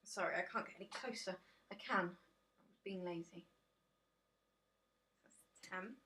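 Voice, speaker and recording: A woman vlogging from home with a bright, sharp-edged voice. She rambles in a tired, self-deprecating way, filling gaps with ums as she chats casually. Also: mid-range voice, measured pace. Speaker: tarot vlogger. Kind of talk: casual deck reveal chat.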